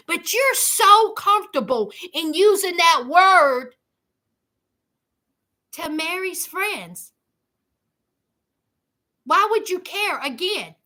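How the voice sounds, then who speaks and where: Sassy woman on a live stream, high and bright, takes her time, lots of honey and y'all. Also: expressive, slow pace, long pauses. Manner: sassy, emphatic, talks to viewers as y'all and honey. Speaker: commentary host. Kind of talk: casual livestream commentary.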